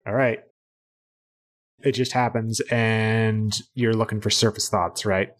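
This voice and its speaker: A man's voice: fairly low pitch, takes it slowly. Male game master narrating a tabletop game. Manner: relaxed, chatty, hesitant with fillers while describing scenes.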